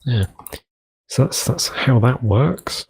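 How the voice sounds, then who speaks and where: A young gaming channel host gives casual let's-play commentary in a mid-range, expressive voice that is slow, a little mellow, slightly rough, and has vocal fry. He rambles to himself, repeating words as he plays.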